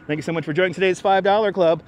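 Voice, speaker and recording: Chatty high-voiced man streaming outdoors. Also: steady tone, rapid-fire, slight background noise. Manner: chatty, greets viewers, teasing. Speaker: live-stream host. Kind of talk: casual live-stream chat. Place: outdoors in an urban park.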